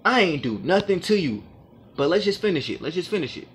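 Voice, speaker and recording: A man's voice: high voice, sing-song, brisk, fairly bright tone, slight background noise. A man in an aggrieved, profane monologue to the camera, repeating his points as he rants. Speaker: vlogger.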